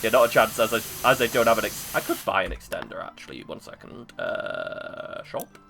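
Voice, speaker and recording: A man's voice: lowish voice, animated, moderate pace, vocal fry, pushed and bright, a little hiss or hum, rough recording. A man streaming a game, chatting casually in a rambling, self-mocking way. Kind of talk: casual chat while gaming.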